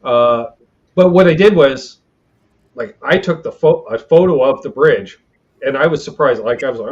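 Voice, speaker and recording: A man's voice: mid-range voice, lively intonation, fairly quick, darkish tone. A man hosting a casual livestream chat, telling rambling, salty stories and acting out what people said, heard over a video call. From Canada. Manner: salty, rambling storyteller who acts out quotes. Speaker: livestream host. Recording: dull lo-fi stream audio.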